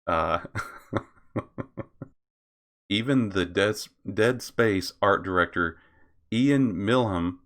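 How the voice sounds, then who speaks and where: A man's voice: lowish voice, drawn-out words, pauses often, a bit bright. A man hosting his own commentary channel, reading out posts and reacting with frequent laughter, swearing and stumbles over names.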